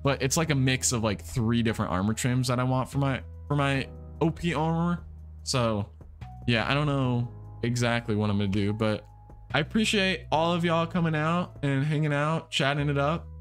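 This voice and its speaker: A young man chats loosely through a game livestream, his voice sitting at an ordinary middle pitch. He rambles and restarts his sentences in a relaxed way. Quiet music plays softly behind him. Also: normal speed. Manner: relaxed, rambling, repeats words and restarts often. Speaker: livestream gamer host. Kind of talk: casual livestream chat while playing. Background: soft background music.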